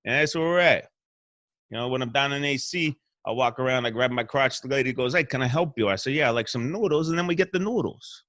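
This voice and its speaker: A man's voice: mid-range voice, a little fast, a bit bright, no room sound, muffled recording. A man with a Northeastern Pennsylvania accent, rambling through a profane comedic monologue in a hotel room. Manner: profane, meandering, restarts. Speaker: show host.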